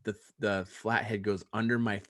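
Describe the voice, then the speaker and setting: A young adult man co-hosting a podcast in casual chat, telling a story in an animated way and acting out the lines he quotes. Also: fairly low pitch, normal speed, dry recording, clean studio sound. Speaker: podcast co-host.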